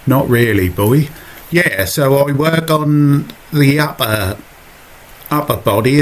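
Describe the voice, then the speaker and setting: A man's voice: mid-range voice, slight background noise. A man with a Suffolk accent narrating his own cycling video in a chatty, self-mocking voiceover full of asides. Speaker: vlogger.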